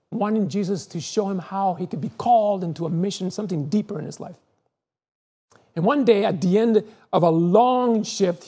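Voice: medium pitch, mellow. A pastor preaching a sermon and telling a story earnestly, often repeating words as thoughts build.

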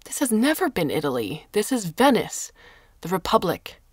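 A woman's voice: lowish voice, moderate pace, breathy edge, no room sound, clean studio sound. A woman voicing a hot-tempered young Venetian boatman who argues and hurls insults. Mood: protesting. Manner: indignant, shouting insults.

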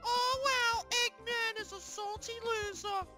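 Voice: extremely high pitch, fairly even intonation, unhurried, over music. A performer voicing a cheerful, boastful male plumber hero who gloats and giggles in a comic plush game video. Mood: triumphant.

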